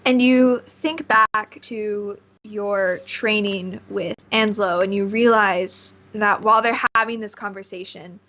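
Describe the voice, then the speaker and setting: A woman narrating a tabletop game as game master, relaxed and rambling with frequent fillers. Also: mid-range voice, takes it slowly, few pauses, rough recording.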